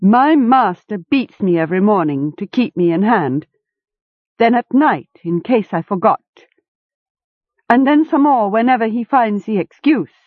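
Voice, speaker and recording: A woman's voice: medium pitch, expressive, a little slow, dry recording, voice pushed up. A woman voicing a thin, half-starved male farm hound that is anxious and whimpering, in a storybook reading over a tinny line. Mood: warning. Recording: tinny phone-like sound.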